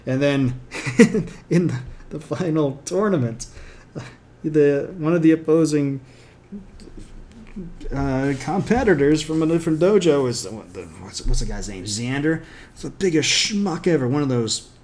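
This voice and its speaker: A man's voice: medium pitch, darkish tone. A man casually retelling scenes from a show in an emphatic, irreverent way, slipping into acted quotes of the characters.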